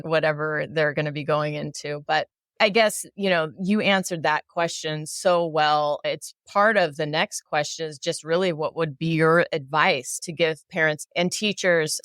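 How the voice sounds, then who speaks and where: A woman's voice: low-pitched, normal speed, fairly bright tone, dry recording, studio quality. A woman hosting a podcast interview, affirming and effusive as she asks her guest questions. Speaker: podcast host. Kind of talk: interview conversation.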